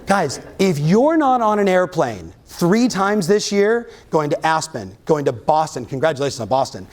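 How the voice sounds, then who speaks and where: A man giving an energetic motivational keynote to a live audience, often firing questions at the crowd. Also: fairly high pitch, normal speed. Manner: energetic, keeps quizzing the audience. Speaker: real estate coach and keynote speaker. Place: live event in front of an audience.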